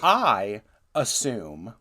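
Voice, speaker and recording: A man's voice: on the low side, huge pitch swings, drawn-out words, sharp tone. A man in his thirties co-hosting a casual podcast with his wife, joking about himself and laughing often. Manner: playful, self-mocking, laughs often. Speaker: podcast co-host. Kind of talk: casual chat.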